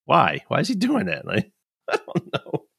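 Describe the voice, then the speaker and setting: A man's voice: fairly high pitch, wildly swooping pitch, a little slow, vocal fry, fairly bright tone, slightly rough, dry recording, clean studio sound. A man in his fifties, chatting casually and ranting in frustration, swearing freely. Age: 50s. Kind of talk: casual chat.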